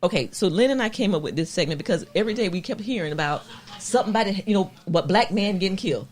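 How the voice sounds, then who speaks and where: A woman co-hosting a casual podcast who asks her guests questions and keeps things moving with quick "okay"s and "right"s. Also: medium pitch, expressive, darkish tone. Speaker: podcast co-host. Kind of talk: casual chat.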